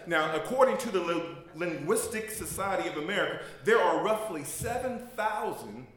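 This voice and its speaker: A male pastor preaches in a fairly high voice and keeps the tone conversational. He quizzes the congregation and laughs along with them. His voice rings out in a very echoey church. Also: lively intonation, moderate pace, a bit bright, a little hiss or hum. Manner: conversational preaching, asks the congregation to fill in words; joking and laughing. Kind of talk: sermon. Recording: very echoey room. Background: congregation responding.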